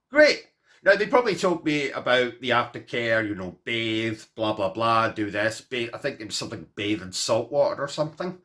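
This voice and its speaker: A man's voice: mid-range voice, pushed and bright. A man vlogging, telling a comic personal story to camera in a rambling, self-mocking way full of asides.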